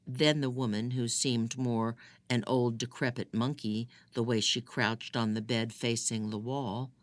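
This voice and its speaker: Brief: slow, measured first-person audiobook read, bright tone, dry booth sound. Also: medium pitch, no room sound. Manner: measured, expressive in dialogue.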